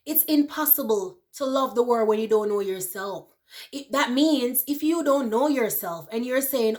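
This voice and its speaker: A woman in her thirties talking casually to her viewers, animated, laughing often and checking in with "you know" and "right". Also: fairly high pitch, a little slow. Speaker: vlogger. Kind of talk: casual chat to camera.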